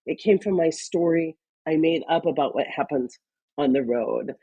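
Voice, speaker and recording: A woman guest on a podcast interview who talks in animated, example-driven stories. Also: low voice, normal speed, slightly rough, highs cut off. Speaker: guest, leadership consultant.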